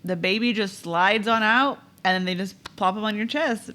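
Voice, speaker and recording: A young woman co-hosting a podcast, talking softly and reflectively in casual chat. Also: medium pitch, moderate pace. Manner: soft, reflective, laughs often. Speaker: podcast co-host, new mother. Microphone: podcast microphone.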